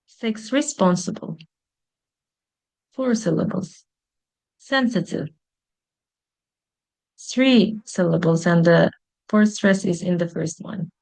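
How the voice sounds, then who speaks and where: A woman teaching an English lesson on video, explaining slowly and carefully with frequent "um" and "like". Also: fairly low pitch, creaky, a little mellow.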